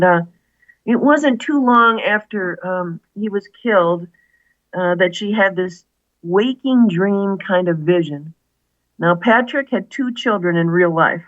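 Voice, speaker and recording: A woman's voice: medium pitch, a bit bright, no room sound, lo-fi sound. A woman, an author guest, earnestly retelling a story in an interview, with many asides.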